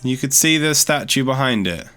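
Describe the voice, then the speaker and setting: A man's voice: medium pitch, lively intonation, normal speed, sharp tone, smooth, faint music behind. Chatty man narrating his gameplay. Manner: chatty, thinks aloud, easily startled. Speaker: let's play host. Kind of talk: casual gameplay commentary.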